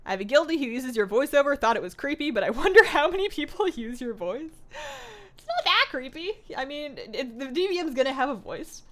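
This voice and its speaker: With slight noise in the background, a young woman of Greek descent streams a game in a high, expressive, brisk voice with a fairly bright tone. Bubbly and rambling, she reads the chat aloud and responds to her audience.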